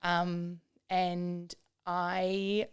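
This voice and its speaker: A woman of about forty with an Australian accent, a podcast guest telling a personal story in an earnest, reflective way with frequent pauses and restarts. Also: on the low side, completely flat delivery, clean tone.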